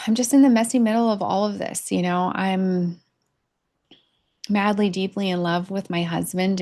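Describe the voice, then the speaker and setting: Candid, gravelly-voiced woman reflecting aloud. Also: fairly low pitch, a little mellow. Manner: halting and candid, with many pauses and fillers. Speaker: vlogger sharing a personal reflection. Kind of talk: unscripted personal vlog. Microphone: camera mic.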